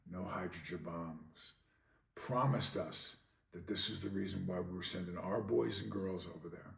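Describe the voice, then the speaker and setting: A man hosting a podcast in a heated monologue, swinging from loud outbursts to low, sarcastic mutters. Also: gravelly. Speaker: podcast host. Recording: echoey room, distant mic.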